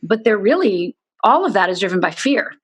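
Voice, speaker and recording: A woman's voice: mid-range voice, sing-song, normal speed, husky. A middle-aged woman speaks as an interview guest, telling her own story. She is candid and earnest, and she leans on "you know" as she talks.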